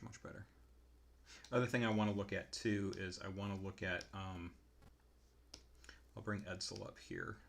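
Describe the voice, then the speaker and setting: A man with a lowish voice talks through his drawing process, unhurried and musing. He thinks aloud between pauses in a casual, easygoing way, like an artist explaining his design choices. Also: creaky, fairly bright tone. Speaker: artist demonstrating character design.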